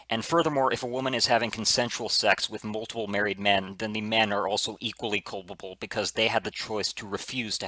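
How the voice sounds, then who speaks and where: Crisp, dry-voiced man arguing definitions. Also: on the low side, bright, forceful tone, dry recording. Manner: measured, precise, definitional. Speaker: video essayist. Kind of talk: scripted argument.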